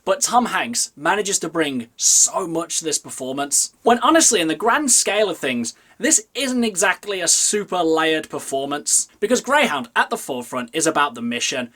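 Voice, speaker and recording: A man giving a casual spoken movie review, chatty, with emphatic jumps up in pitch on key phrases. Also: very animated, normal speed, few pauses, bright, forceful tone. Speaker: film reviewer.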